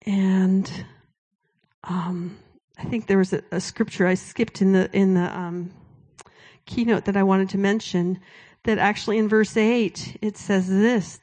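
A woman shares a personal story from the pulpit in a sermon-style testimony. Her voice sits in a middle pitch and moves between easy, chatty telling and soft, hushed whispers when she quotes divine words. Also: steady tone, unhurried. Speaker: speaker at a Christian event.

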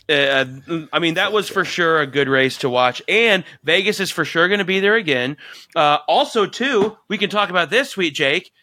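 A man co-hosting a casual podcast chat, talking excitedly and swearing freely as he rambles through fillers. His voice sits a bit high and sounds bright and tense. The sound is dry and close. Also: dry recording. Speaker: podcast co-host.

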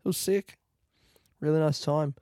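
A man's voice: on the high side, fairly even intonation, measured pace, warm tone, dry recording, studio quality. A man in his thirties, a podcast host rambling casually through an outro outdoors and swearing now and then. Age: 30s. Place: outdoors under a tree.

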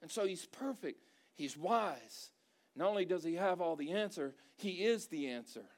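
A man's voice: sits high, lively intonation, normal speed. A man preaching a sermon to a congregation in a church, with a conversational style and emphatic repeated phrases. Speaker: pastor.

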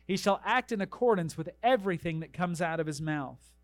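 A male pastor preaching a sermon, reading long name lists with asides and telling a joke story with lively delivery. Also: high voice, fairly quick, no room sound.

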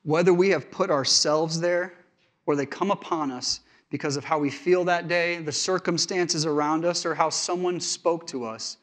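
A man's voice: a little high, steady tone, moderate pace, a bit bright. A male pastor giving a sermon, telling stories from his family life in an earnest, conversational way.

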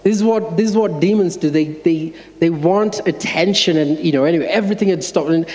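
A man, an associate pastor, preaching by telling an animated, self-mocking story to his congregation. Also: a little high, fairly quick. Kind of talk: sermon storytelling. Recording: long church-hall reverb.

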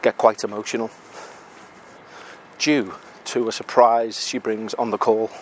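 A man's voice: lowish voice, flat delivery, a little slow, a little hiss or hum. A British podcast host, a man, chatting casually and self-mockingly while out walking, a little out of breath, with the odd swear word. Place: outdoors on a city street.

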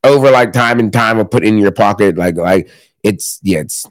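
A man's voice: on the low side, moderate pace, no echo. A young man, a gym owner, chatting casually as a podcast guest, rambling with lots of fillers and restarts and casual swearing.

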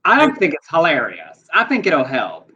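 A man co-hosting a podcast, chatting about the news in a campy, playful way with quick asides. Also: a little high, huge pitch swings, pushed and bright. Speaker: podcast co-host. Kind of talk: casual news chat. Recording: dull lo-fi sound.

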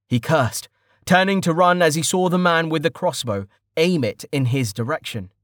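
A man reading a fantasy novel aloud in steady, scripted narration. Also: fairly high pitch, moderate pace, no room sound, studio quality. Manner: steady storytelling. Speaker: audiobook narrator.

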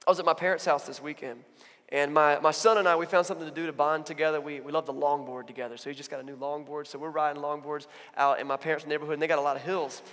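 A man giving a sermon as a pastor, talking in a conversational, animated storytelling way. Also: a little high, fast, in a large hall. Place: church.

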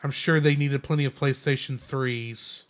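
A man's voice: medium pitch, steady tone, normal speed. A man co-hosting a podcast, chatting casually about a film and restarting phrases as he thinks. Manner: thoughtful, repeats words while searching. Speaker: podcast co-host. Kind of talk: casual film review chat.

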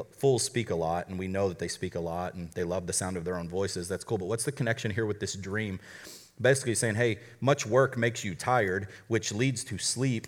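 A man who is a college pastor, preaching a conversational sermon with quick asides and light humor. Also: fairly low pitch, in a large hall.

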